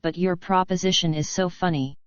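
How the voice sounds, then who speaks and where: A woman's voice: on the low side, steady tone, brisk, dry recording, highs cut off, close to an everyday voice. A woman voicing a witty young Englishwoman journalist who speaks lightly but firmly. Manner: light, firm, amused.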